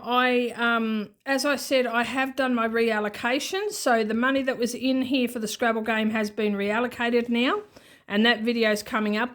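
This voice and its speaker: An Australian woman talking in a rambling, chatty way with many asides, in an unscripted casual vlog. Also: fairly high pitch. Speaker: budgeting vlogger.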